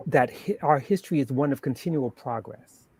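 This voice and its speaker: Man, panel guest, emphatic and passionate, husky mellow voice, dry close sound. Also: medium pitch, moderate pace, dry recording. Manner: emphatic, builds lists, repeats words when starting. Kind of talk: passionate political discussion.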